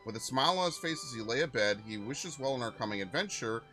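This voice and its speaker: Man reading painting master, earnest, formal, serious, bright voice. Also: medium pitch, animated, quick pace, faint music behind.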